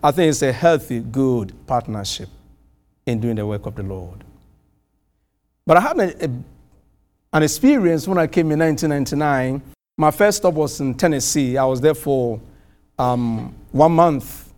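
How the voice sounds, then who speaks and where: A middle-aged man from outside the US preaching a sermon, telling a personal story with animated, swelling exclamations. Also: mid-range voice, normal speed, long pauses.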